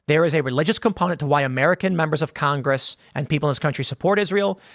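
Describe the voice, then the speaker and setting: Male host, raised pitch, dry close sound, rambling commentary with acted quotes. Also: racing, a bit bright, dry recording. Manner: rambling, conversational, with many restarts and acted-out quotes. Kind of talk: casual commentary reading viewer questions.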